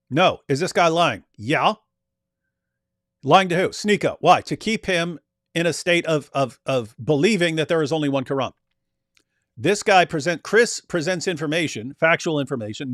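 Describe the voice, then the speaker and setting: A man with a fairly high voice, recorded close and dry with no room sound. He comments on clips in an emphatic, insistent way, answering his own rhetorical questions. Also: lively intonation, normal speed, a bit bright, no echo. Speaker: commentator reacting to street debate clips. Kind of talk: critical commentary over replayed clips.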